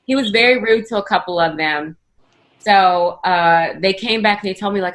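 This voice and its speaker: Thirties woman telling a funny story on a video call, bright forceful voice, says "like" a lot. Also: mid-range voice, normal speed. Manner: animated, laughing, lots of "like". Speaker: stand-up comedian.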